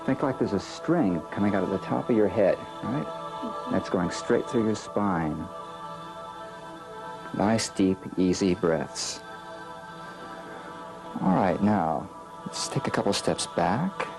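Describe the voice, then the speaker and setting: Calm low-voiced man coaching relaxation. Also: gravelly, over music. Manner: calm, slow instructions with gentle prompts. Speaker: voice and breathing coach. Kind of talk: guiding a relaxation exercise.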